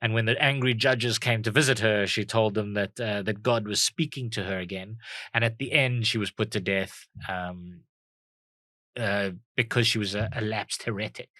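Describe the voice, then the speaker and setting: A man's voice: lowish voice, steady tone, moderate pace, bright, forceful tone, dry recording. A man co-hosting a casual comedy podcast, telling a history story with many ums and restarts. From South Africa. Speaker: podcast co-host.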